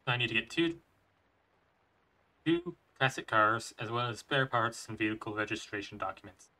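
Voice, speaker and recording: A man's voice: lowish voice, moderate pace, very noisy. A man streaming a video game and thinking aloud as he plays, chuckling and restarting his sentences. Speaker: gaming streamer. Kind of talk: let's play commentary.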